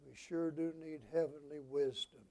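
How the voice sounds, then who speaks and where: A man preaching a sermon in an evening church service, with a strong preaching cadence that swings between emphatic rises and hushed drops. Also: fairly high pitch, steady tone. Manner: slow and deliberate.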